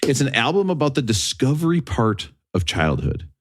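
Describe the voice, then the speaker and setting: A man's voice: medium pitch, moderate pace, slight background noise. A man hosting a podcast, chatting casually and joking with friends. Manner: animated, laughs while joking. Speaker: podcast host.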